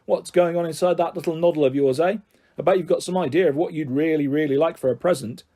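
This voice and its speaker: A man's voice: a little high, fast, mellow, natural voice. A man voicing a bullying middle-aged father who coaxes and sneers in a taunting, menacing way. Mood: coaxing. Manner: taunting, mock-jovial then harsh.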